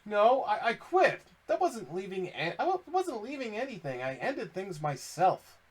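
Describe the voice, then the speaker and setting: A man's voice: high voice, very animated, a little fast, pitched above the performer's own voice. A man voicing an earnest young male diver who stammers and pleads. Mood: flustered.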